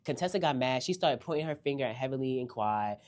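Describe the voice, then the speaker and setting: A man hosting a casual reality TV recap, animated and slangy, talking straight to his viewers. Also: mid-range voice, quick pace.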